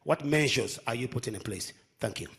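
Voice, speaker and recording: A man asking a question from the floor, formal and halting with many fillers. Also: medium pitch, animated, vocal fry, fairly bright tone. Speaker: audience member asking a question. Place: conference hall.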